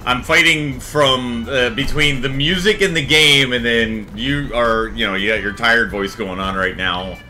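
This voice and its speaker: A man streaming a shooter game, chatting casually, animated and swearing freely. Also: mid-range voice, unhurried, few pauses, soft background music. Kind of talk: casual gaming chat.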